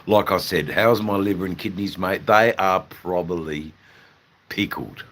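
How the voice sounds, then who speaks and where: A man's voice: sits low, steady tone, unhurried, fairly bright tone. An Australian man hosting a live stream, chatting in a rambling, hesitant way with lots of fillers and restarts and some blunt swearing. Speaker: livestream host.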